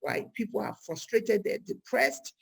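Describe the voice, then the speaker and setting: Brief: husky, gravelly woman vlogger, chatty and lively, full of rhetorical questions. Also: on the high side, unhurried. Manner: lively, rhetorical questions, acts out quoted speech. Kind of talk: casual talk to camera.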